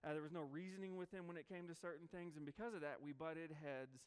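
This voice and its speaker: A man's voice: a little high, fast talker, clean tone. A young man preaching a sermon, telling a folksy story to his congregation with a long hall reverb. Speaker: pastor.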